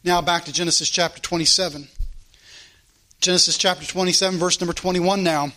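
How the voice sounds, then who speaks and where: A man's voice: sits high, fairly even intonation, fairly quick, sharp tone. A man preaching a sermon, folksy and emphatic, reading scripture aloud and acting out the people in the story. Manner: folksy, acts out Bible characters, emphatic.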